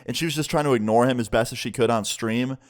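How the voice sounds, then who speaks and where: A man's voice: medium pitch, fast talker. A young man casually telling a storytime tale to the camera, chatty and often ending lines with "okay?". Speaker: YouTuber. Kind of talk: storytime narration.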